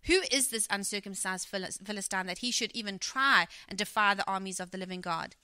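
A middle-aged woman preaching a sermon, retelling a story and acting out its quoted speech with lively emphasis. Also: mid-range voice, fairly quick, clean tone, no echo.

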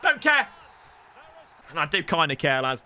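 A young man calls out his own video game match live, excitable and quick to burst into shouts while teasing his opponent. His voice sits high and swings wildly up and down, with a bright, sharp edge to it. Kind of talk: live gameplay commentary.

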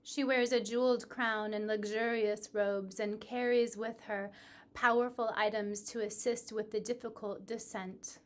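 Woman telling a myth slowly and solemnly. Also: medium pitch. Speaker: spiritual teacher and coach. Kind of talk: calm, measured mythological storytelling.

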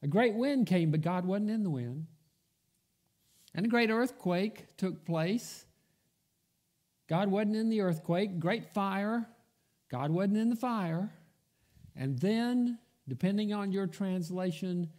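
A man delivers a sermon with a fairly high, mellow voice. His pitch swings widely as he tells the story and voices the figures in it. He takes his time and lets his voice sink nearly to a whisper to make a point. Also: lively intonation, measured pace. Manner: storytelling, acting out quoted voices, drops to a whisper for emphasis. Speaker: pastor. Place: church.

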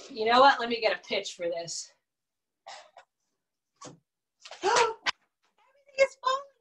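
Woman children's music teacher with a very high, lively voice, unhurried, singing and chanting with kids. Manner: sings and chants songs, bright and coaxing with kids. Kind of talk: children's music and movement class.

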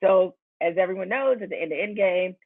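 A woman's voice: fairly low pitch, brisk, dry recording. Woman host over a tinny phone line. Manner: playful, teasing, laughs easily. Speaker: show host. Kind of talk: conversational interviewing.

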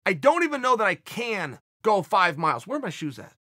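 A man's voice: high-pitched, big pitch swings, fairly quick, sharp tone, no echo, clean studio sound, full character voice. A man mimicking a sour, reluctant guy who complains about running but goes anyway. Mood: grumbling. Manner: grumbling, sour.

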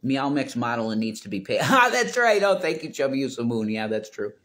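A man's voice: mid-range voice, big pitch swings, fairly quick, fairly bright tone. Blunt, rambling man on a livestream. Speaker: livestream host reading chat. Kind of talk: casual livestream chat.

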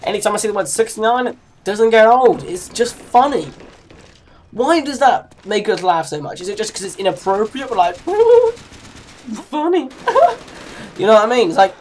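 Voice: mid-range voice, animated, a little fast, a little hiss or hum. Teen gamer with an English accent, mid-range voice, rambling chatty commentary over gameplay. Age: late teens. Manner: rambling, chatty, giggly asides. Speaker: gaming channel host.

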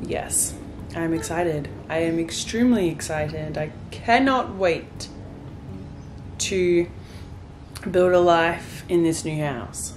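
A weary young woman in a bright bedroom talks into her phone as if on a video call with a close friend. Her voice sits a little low and moves slowly, candid and rambling. Quiet guitar music plays faintly beneath her. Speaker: vlogger. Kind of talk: casual heart-to-heart video chat. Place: bright white bedroom, indoors. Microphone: phone camera, close.

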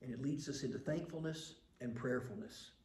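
Older pastor preaching in a roomy hall. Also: male voice, medium pitch, moderate pace. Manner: warm storytelling, building to emphatic passages. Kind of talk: sermon.

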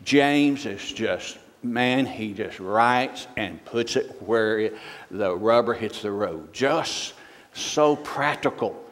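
A man preaching as a guest in a church, folksy and joking, who lifts his voice to read scripture. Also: takes it slowly. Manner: folksy and joking, reads scripture louder and higher. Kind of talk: sermon. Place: church sanctuary. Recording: long church reverb.

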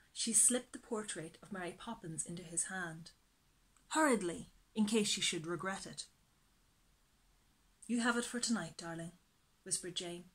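Slow gentle woman storyteller. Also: mid-range voice, breathy edge. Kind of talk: children's story reading.

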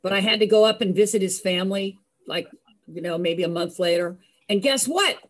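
An older woman telling a personal story in a lively way, acting out the voices of the people in it. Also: mid-range voice, fairly quick. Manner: lively, acts out voices, laughs. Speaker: storyteller host.

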